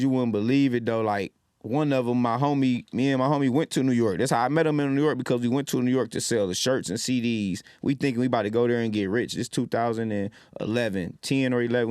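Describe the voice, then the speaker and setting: A man in his thirties from Detroit, telling lively stories as a podcast guest and acting out what people said. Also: mid-range voice, no room sound, studio quality. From Detroit, Michigan. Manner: animated storyteller, loud when acting out quotes. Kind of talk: casual storytelling.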